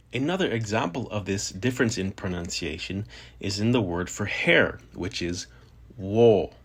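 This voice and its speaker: A man with a very deep voice teaches pronunciation in a scripted lesson. He speaks slowly and carefully and repeats every example word twice. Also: a bit bright. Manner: slow, deliberate, repeats example words twice. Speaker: language teacher.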